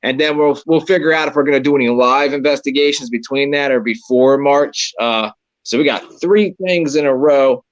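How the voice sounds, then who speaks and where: A man's voice: medium pitch, normal speed, no room sound. Rambling Maryland man, dull dry sound. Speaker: paranormal investigator, podcast co-host. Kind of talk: casual chat.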